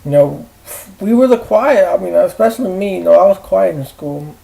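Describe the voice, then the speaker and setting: A man ranting to camera in a rambling, profane way, halting with fillers and restarts. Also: sits high, animated, gravelly, mellow, rough recording. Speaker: vlogger. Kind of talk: rambling personal rant.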